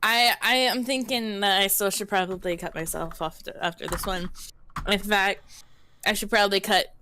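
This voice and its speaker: A woman's voice: medium pitch, steady tone, moderate pace, bright, forceful tone, a little hiss or hum. A tipsy woman streaming a game from home, chatting in a rambling, giggly way. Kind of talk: casual chat while gaming.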